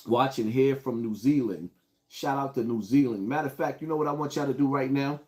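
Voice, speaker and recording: A Bronx, New York man hosts a casual livestream, hyping up his viewers and calling them out by where they're from. His mid-range voice runs a little fast with a darkish tone.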